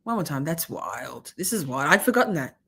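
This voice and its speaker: A woman hosts a loose, sarcastic livestream and picks apart courtroom clips with plenty of swearing. Her voice sits somewhat low. She talks straight to her chat like old friends. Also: sing-song, brisk, fairly bright tone, slightly rough. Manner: sarcastic, profane, chatty with live chat. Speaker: livestream commentary host. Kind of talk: casual commentary on trial clips.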